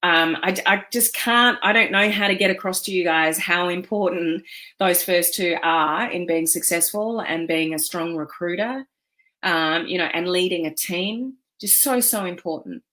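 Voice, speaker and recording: A woman's voice: on the low side, moderate pace, pushed and bright. A woman coaching on online business, speaking earnestly and with emphasis, with many fillers and restarts. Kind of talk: motivational teaching talk.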